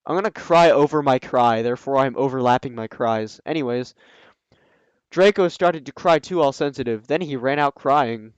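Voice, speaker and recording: A man reading a story aloud and breaking in with sarcastic, scoffing asides, often pausing with ums. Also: mid-range voice, clean tone, no room sound, highs cut off. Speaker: reader and commentator. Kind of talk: reading a fan story aloud with mocking commentary.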